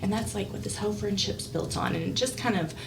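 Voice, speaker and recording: Animated woman telling a long story. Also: mid-range voice, quick pace, gravelly. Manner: animated, acts out quoted dialogue, laughs often; emotional, close to tears at times. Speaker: podcast guest. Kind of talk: casual storytelling. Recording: voice a bit far from the mic, faint hiss.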